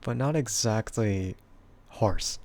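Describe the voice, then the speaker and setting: A man with a husky, bassy voice chatting casually with stream viewers and laughing often between remarks. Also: takes it slowly, darkish tone. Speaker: VTuber streamer.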